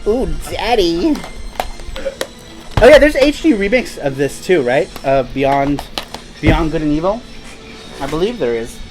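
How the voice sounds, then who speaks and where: A man's voice: a little high, very animated, moderate pace, soft background music, low-quality recording. A man hosting a casual live stream, chatting in a rambling, laid-back way and laughing easily. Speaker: host.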